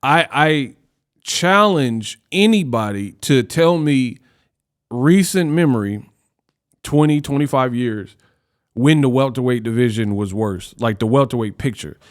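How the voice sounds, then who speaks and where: Animated man doing boxing commentary. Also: mid-range voice. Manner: animated, slangy, fast banter. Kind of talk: casual reaction commentary.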